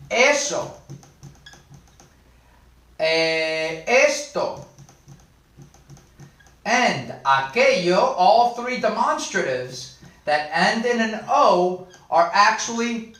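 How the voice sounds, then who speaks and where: A man teaching a live online Spanish class, playful and animated, reading and answering viewers' comments. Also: high voice, roomy sound.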